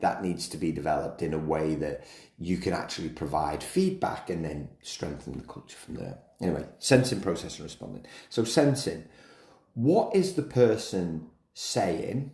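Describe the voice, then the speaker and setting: Deep-voiced man hosting a podcast. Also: animated, moderate pace, mellow, echoey room. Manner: conversational, with many repeated words and restarts. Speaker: podcast host. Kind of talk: solo podcast monologue.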